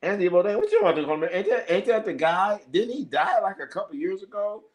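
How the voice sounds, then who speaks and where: This is a man running a casual live sports stream, full of swearing, laughter and stories. His voice sits a little high and swings widely in pitch. He plays the people in his stories himself, in loose and lively chat. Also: fast. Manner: animated, profane, laughs often, acts out quoted exchanges. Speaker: live sports show host.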